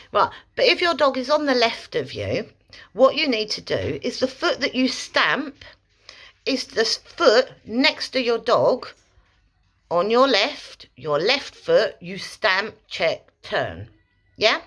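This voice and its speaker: Chatty woman, lively bright voice. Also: medium pitch. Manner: chatty, rambling, snaps out sharp demo commands. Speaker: dog trainer. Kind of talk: casual training tutorial.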